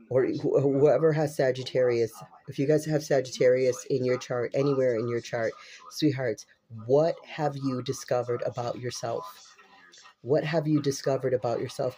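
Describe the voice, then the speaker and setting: A tarot reader with an unusual, congested and stuffy-nosed voice gives a casual reading. His voice is mid-range and dark, at normal speed with fairly even intonation, and he repeats himself and exclaims with casual swearing.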